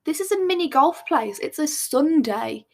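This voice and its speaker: Chatty woman with vocal fry. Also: high voice, moderate pace. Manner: chatty, expressive, self-mocking storyteller. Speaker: podcast host. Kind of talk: casual storytime chat.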